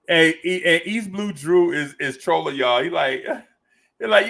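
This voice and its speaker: A man with a high voice and a gravelly edge hosts a loose live-stream chat. He reads viewer comments aloud, laughs easily and says lines twice for emphasis. The talk is playful and unscripted. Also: animated, slow, long pauses, bright, forceful tone. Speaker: host of a fan talk stream.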